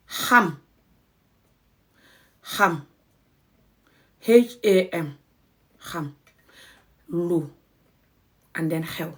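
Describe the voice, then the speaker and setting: A woman with a Gambian accent teaching a language lesson on a live stream, acting out little dialogues and spelling words slowly. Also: medium pitch, a bit bright.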